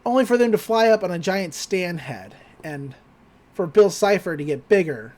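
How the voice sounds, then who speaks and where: Lively, animated podcast co-host. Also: male voice, sits high, moderate pace. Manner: animated retelling, quotes characters in put-on voices, laughs often. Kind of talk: casual recap chat.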